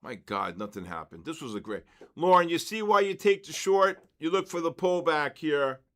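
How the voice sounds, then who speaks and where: A man in his sixties hosting a live trading session, telling stories in a casual, animated way and tagging his sentences with quick checks to the audience. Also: fairly high pitch. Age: 60s. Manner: animated, keeps tagging 'right?' and 'okay?'. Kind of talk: casual livestream storytelling.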